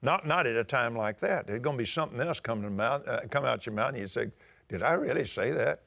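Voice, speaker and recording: An older man preaching a sermon in a folksy storytelling way, now and then rising to a shout. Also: medium pitch, animated, fairly quick, vocal fry.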